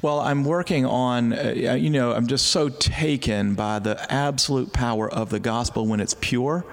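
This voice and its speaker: A middle-aged pastor tells stories as a guest on an interview, stumbling over his starts and then acting out the voices in them. His voice is gravelly and rough. The room leaves a long reverb on it. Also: mid-range voice, a little slow. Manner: animated storyteller who restarts often and acts out voices. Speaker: pastor and author.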